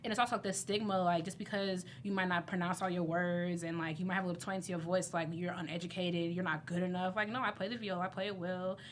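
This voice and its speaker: A woman's voice: fairly low pitch, quick pace, hardly any pauses, a little hiss or hum. A woman in her twenties co-hosting a podcast, talking candidly and animatedly in casual chat. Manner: animated, candid, laughs often. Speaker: podcast co-host.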